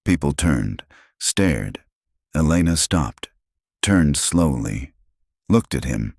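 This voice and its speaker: A man narrating a scripted drama story in a measured, dramatic way. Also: rumbling low, very animated, a little mellow, breathy edge, no echo, clean studio sound.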